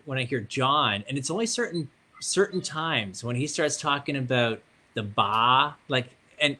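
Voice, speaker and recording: A man with a Canadian accent hosting a relaxed book club chat, upbeat and joking, thinking aloud with fillers. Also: mid-range voice. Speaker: host.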